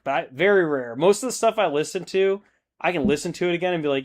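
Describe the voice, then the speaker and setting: A man's voice: a little high, quick pace. A man in his thirties hosting a hobby stream, chatting casually and reading out viewer comments, rambling and swearing freely. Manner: laid-back, rambling, swears a lot.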